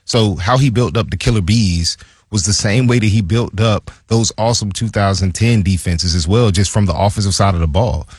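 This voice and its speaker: Husky low-voiced guy telling football stories, lively, dry sound. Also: moderate pace, no room sound. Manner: animated storyteller, acts out quotes in a higher voice. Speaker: former player, podcast co-host. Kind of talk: casual sports chat.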